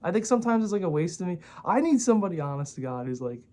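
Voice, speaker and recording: Man, 20s, vlogger; rapid, rambling, blunt rant full of swearing and fillers. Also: sits high, sing-song, mellow. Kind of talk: casual rant to camera.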